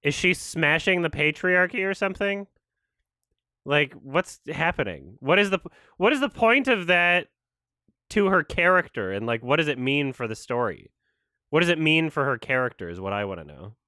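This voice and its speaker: A man's voice: fairly high pitch, very animated, moderate pace, sharp tone, no room sound, clean studio sound. A man hosting a casual watch-along, commenting sarcastically and mocking what he sees on screen. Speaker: host.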